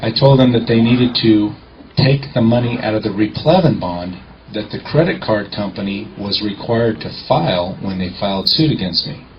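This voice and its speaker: A man telling a lively courtroom-clerk story in a confident storytelling talk, acting out the dialogue. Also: on the low side, moderate pace, slight background noise. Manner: animated, acts out dialogue, confident. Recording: muffled lo-fi recording.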